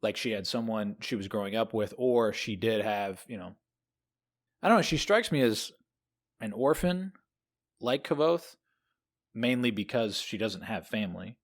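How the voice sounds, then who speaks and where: A man co-hosting a podcast, talking through a novel in a lively, rambling way. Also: fairly low pitch, normal speed, long pauses. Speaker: podcast co-host. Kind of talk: casual book discussion.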